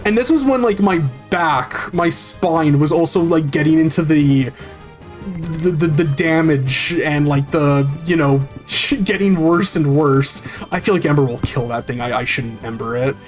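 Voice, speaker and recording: A man's voice: fairly high pitch, unhurried, faint music behind. A man streaming a video game, telling a long story in a rambling, profane way with many restarts and fillers. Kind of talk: casual storytelling over gameplay.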